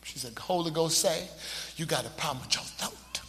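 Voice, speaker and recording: A man voicing an elderly church mother who speaks softly and knowingly, dropping to a whisper, in a reverberant hall. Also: a little fast, a little hiss or hum. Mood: hushed. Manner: low hushed murmur, whispering at times.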